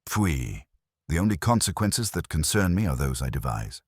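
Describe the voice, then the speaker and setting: A man's voice: rumbling low, big pitch swings, normal speed, husky, no room sound, clean studio sound, exaggerated voice. A man voicing a stout, imperious male genius detective who speaks in curt, commanding, dismissive sentences.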